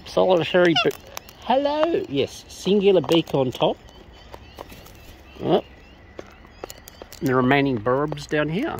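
Woman teasing birds in lively singsong. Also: sits low, measured pace, creaky, long pauses. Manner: playful, teasing baby talk to birds. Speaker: vlogger feeding wild cockatoos. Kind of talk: casual chat to birds. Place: outdoors. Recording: noisy outdoor recording. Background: bird calls and outdoor ambience.

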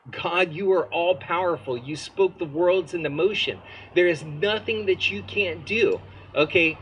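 A man preaching an easygoing sermon outdoors, his voice at a middle pitch. He talks in a loose, conversational way and keeps turning to the crowd with questions. A faint hiss of open-air noise sits underneath. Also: sharp tone, poor audio. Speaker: pastor. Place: outdoor church service.

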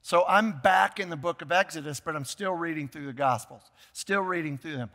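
An older man preaching a sermon as pastor, emphatic, repeating key phrases and breaking into shouts. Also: on the high side, a little fast, in a large hall. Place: church sanctuary.

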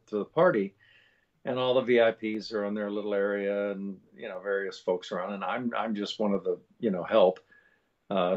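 A man's voice: fairly low pitch, lo-fi sound. Rambling male voice actor telling a story. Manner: rambling, with many fillers and restarts. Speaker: voice actor guest. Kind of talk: storytelling anecdote.

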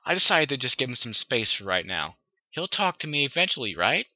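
A man's voice: mid-range voice, very animated, brisk, dry recording, voice pushed up. A man reading aloud, voicing a tired, bookish young female unicorn with a raised voice, recorded dry and dull. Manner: tired, sighing.

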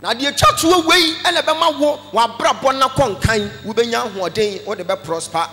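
High-voiced Ghanaian preacher, echoing hall. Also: male voice, normal speed. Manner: animated preaching, mixes Twi with English phrases, bursts into shouting. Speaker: pastor. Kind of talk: sermon.

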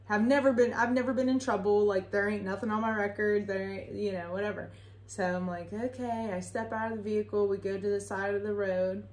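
A young woman tells a story in a loose, chatty way, leaning on fillers and swearing without a second thought. Her pitch sits in an ordinary middle range. The room has a noticeable echo around her voice. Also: fairly even intonation, fairly quick, darkish tone. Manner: chatty, rambling, swears freely, filler-heavy. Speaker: vlogger. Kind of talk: casual storytime. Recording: echoey room.

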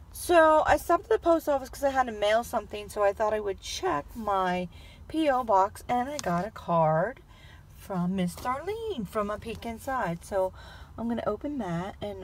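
A woman's voice: mid-range voice, a bit bright, a little hiss or hum. A middle-aged woman with a Southern accent, chatting casually and rambling as she vlogs her day. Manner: chatty, rambling, self-mocking. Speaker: home vlogger. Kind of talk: casual vlog chat.

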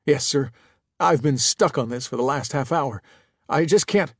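A man's voice: medium pitch, normal speed, no room sound, studio quality, lightly acted. Man doing a nervous dutiful first officer. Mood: anxious. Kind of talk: audiobook character voice.

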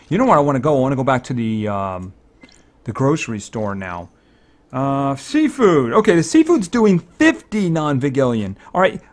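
A man giving casual gameplay commentary, thinking aloud, excitable and fretting over each purchase. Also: fairly high pitch. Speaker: let's-play commentator.

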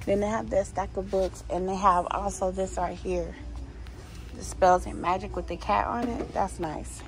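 A woman's voice: mid-range voice, steady tone, normal speed, rough recording. A woman vlogging casually as she walks through a store, chatting and gushing over holiday decor and reading signs aloud. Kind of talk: casual shop-along vlog. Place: inside a store.

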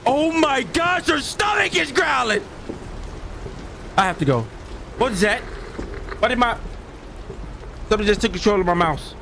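A man's voice: very high-pitched, lively intonation, measured pace, vocal fry, long pauses, bright, forceful tone, slight background noise. A young man streaming a horror game, jumpy and exclaiming as he talks to his chat. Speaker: gaming streamer. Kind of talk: live horror game commentary.

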